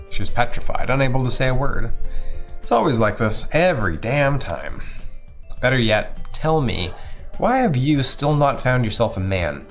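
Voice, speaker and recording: A man's voice: mid-range voice, very animated, unhurried, faint music behind. A man reading a visual novel aloud as a let's play host, with a wry, sardonic delivery and occasional stumbles over words.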